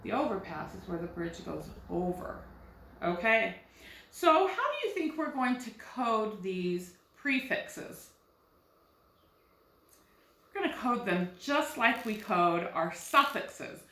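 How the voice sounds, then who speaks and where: A first grade teacher, a woman, talking young children through a recorded phonics lesson with slow, clear explanations. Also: medium pitch, sing-song, sharp tone, roomy sound.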